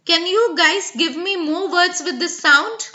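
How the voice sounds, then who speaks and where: A woman's voice: very high voice, a little slow, sharp tone, muffled recording. A woman teaching English pronunciation in a live online class, carefully enunciating sample words and coaxing students by name. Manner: clearly enunciating model words.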